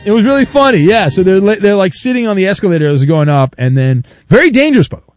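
A man's voice: sits high, racing, no echo, soft background music. A middle-aged man hosting a talk radio show, joking and rambling with lots of fillers. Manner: animated, jokey, rambling with many fillers. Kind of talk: casual talk radio banter. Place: radio studio. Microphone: studio microphone.

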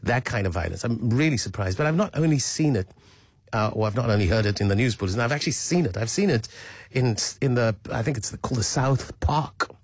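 A man's voice: mid-range voice, animated, fast talker, breathy edge, dry recording. A man hosting a radio talk show, speaking in a thoughtful, hesitant way with many fillers. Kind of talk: casual radio talk, reading listener messages.

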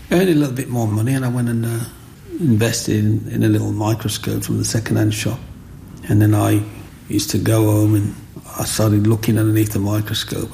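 A man's voice: on the low side, warm tone, a little hiss or hum. A middle-aged man, telling his life story as an interview guest, earnest and repetitive. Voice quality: gravelly. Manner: earnest, repeats words, acts out quotes.

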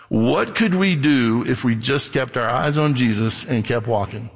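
A male pastor with a gravelly, rough-edged voice preaches in a loose, conversational way, slipping into the voices of the people in the story. His words ring out with a long reverb in a church sanctuary. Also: mid-range voice, lively intonation, measured pace, few pauses. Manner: conversational preaching, acts out Bible scenes. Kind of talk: sermon.

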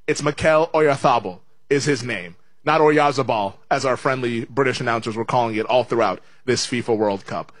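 A man's voice: mid-range voice, steady tone, brisk, few pauses, fairly bright tone, breathy edge, no room sound. A man hosting a sports betting show, chatting casually through a live match watch-along with lots of fillers and laughs. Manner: chatty, laughs often, many fillers and restarts.

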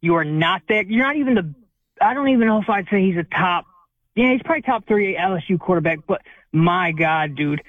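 Worked-up caller on a tinny phone line. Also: male voice, high-pitched, expressive, a little fast, no room sound. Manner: worked-up, exasperated. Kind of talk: call-in radio talk.

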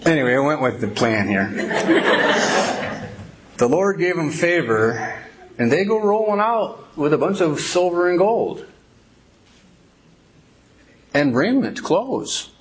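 A middle-aged man preaching as a pastor, telling a funny story with lively energy before reading and explaining Scripture. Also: on the high side, takes it slowly, long pauses. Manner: animated storyteller, laughs while telling. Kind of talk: sermon with storytelling.

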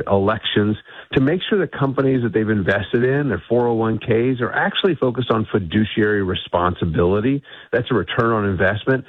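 A man's voice: fairly low pitch, breathy edge, no echo. A male radio guest talking in an emphatic, assertive way. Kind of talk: interview on a radio show. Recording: tinny phone line.

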